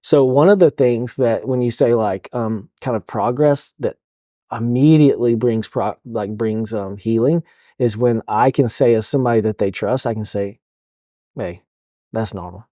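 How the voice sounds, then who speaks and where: A man who counsels police officers, talking casually in a podcast interview, halting, with many fillers and restarts. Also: mid-range voice, warm tone, no room sound, clean studio sound.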